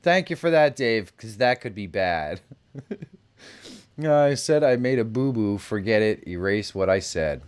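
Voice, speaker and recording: A man's voice: fairly low pitch, lively intonation, unhurried, clean tone. A middle-aged man hosting a live stream, chatting casually, reacting to messages and laughing often. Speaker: live show host. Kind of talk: casual live-stream chat reading comments.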